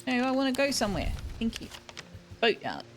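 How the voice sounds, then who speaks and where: A woman's voice: a little high, sing-song, a little fast, faint music behind. A woman streaming a game, chatting casually and reading the game's text aloud. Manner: chatty, switching between asides and reading. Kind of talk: casual let's-play commentary with read-aloud game text.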